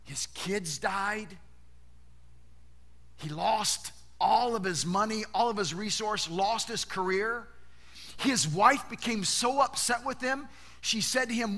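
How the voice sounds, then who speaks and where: Guy preaching a sermon, pretty high voice, chatty and animated, keeps asking questions and repeating himself. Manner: animated and conversational, with rhetorical questions and repeated words. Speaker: pastor.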